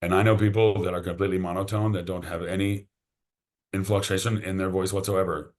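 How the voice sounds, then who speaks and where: A man's voice: sits low, flat delivery, fairly quick, darkish tone. A man, a podcast guest, chatting casually and enthusiastically, often restarting his sentences. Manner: enthusiastic, rambling, repeats words when starting sentences.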